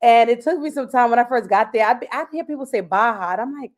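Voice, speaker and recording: A middle-aged woman from Haiti chats on a live video call. Her voice sits a little high, and her talk is loose and folksy as she hosts. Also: fast. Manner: chatty, folksy, uses y'all. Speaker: retreat host. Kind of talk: casual livestream chat.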